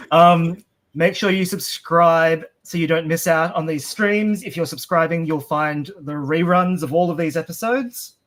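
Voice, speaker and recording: A man's voice: on the high side, unhurried, fairly bright tone. A man with an Australian accent, chatting casually on a livestream while drawing, often trailing off mid-sentence. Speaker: comic artist drawing live on stream.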